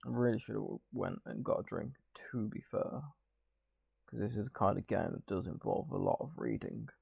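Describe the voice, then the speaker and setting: Male streamer, slightly croaky, gravelly, casual let's-play read-through, dull lo-fi mic, faint music underneath. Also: fairly low pitch, moderate pace, dry recording. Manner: chatty, reads narration with small slips and restarts. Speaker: gaming streamer. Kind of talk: casual let's-play commentary, reading game text aloud.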